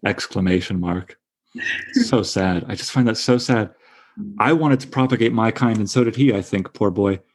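A man's voice: on the low side, moderate pace, a little mellow, breathy edge. A man in his thirties leading a casual literary discussion, enthusiastic and stumbling over restarts. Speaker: discussion leader.

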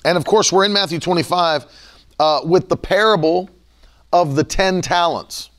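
A man preaching a sermon in an animated style, sometimes acting out the voices of people he quotes. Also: high-pitched, moderate pace.

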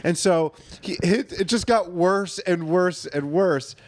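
A man's voice: sits high, slow pace, no room sound. A man in his twenties, a podcast co-host, telling a workplace story in casual, profane chat.

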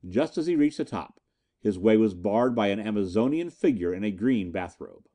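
Brief: male storyteller for a pulp audiobook, warm and expressive. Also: on the low side, moderate pace. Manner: lively storytelling. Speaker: narrator. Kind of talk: audiobook reading of pulp fiction.

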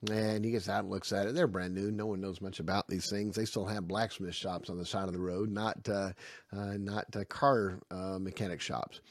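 A man giving a spoken Bible lesson to parents. He is animated and acts out the dialogue in his stories. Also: low-pitched, moderate pace, no echo. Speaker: family Bible teacher.

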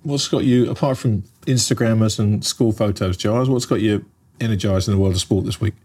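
A man's voice: on the low side, fairly even intonation, fairly quick, dark tone. A man hosting a podcast, making jokey, breezy sports banter. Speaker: podcast host. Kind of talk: casual sports chat.

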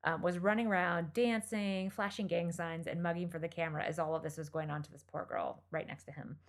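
A woman's voice: fairly low pitch, steady tone, fairly quick. A woman co-hosting a podcast, telling a true crime story in a chatty, blunt way with lots of fillers. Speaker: podcast co-host.

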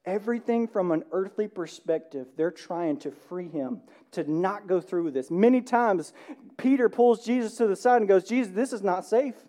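A man pastor preaching a sermon, animated, swinging between loud emphasis and hushed passages, often asking the room "right?". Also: high-pitched, normal speed. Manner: conversational, asks the room "right?".

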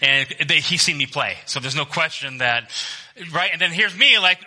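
Bright-toned, animated male preacher. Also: normal speed. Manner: animated preaching, swinging from loud emphasis to hushed, low delivery; talks directly to the congregation with questions and humor. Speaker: pastor. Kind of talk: sermon. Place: church in front of a congregation.

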